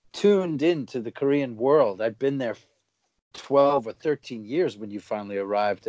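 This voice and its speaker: A middle-aged man hosting a casual interview, reflective and relaxed, asking long rambling questions. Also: dry recording. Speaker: podcast host. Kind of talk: casual chat. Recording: dull, dry low-fidelity sound.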